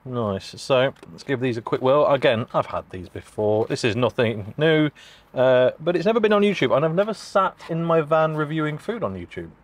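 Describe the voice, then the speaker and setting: A man's voice: mid-range voice, animated, moderate pace. A man vlogging in his parked van, chatting casually and jokily to camera about food, with the camera mic catching his voice. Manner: jokey, chatty, self-deprecating.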